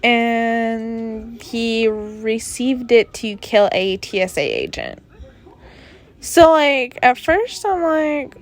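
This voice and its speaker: A young woman takes it slowly as she hosts a laid-back solo podcast from her bedroom in her parents' house. Her voice is a little high and very animated, and her chatty stories ramble with lots of fillers and side remarks.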